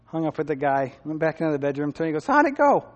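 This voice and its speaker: A man's voice: fairly high pitch, big pitch swings, fast, big-room sound, highs cut off. A man giving a personal testimony to a church group, telling his story with quoted dialogue and laughter, then urging listeners toward ministry. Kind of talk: testimony sermon.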